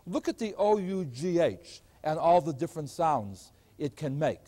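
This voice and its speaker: A man's voice: fairly high pitch, moderate pace. Older man giving a math lecture. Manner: animated, storytelling teacher. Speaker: math professor. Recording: older recording.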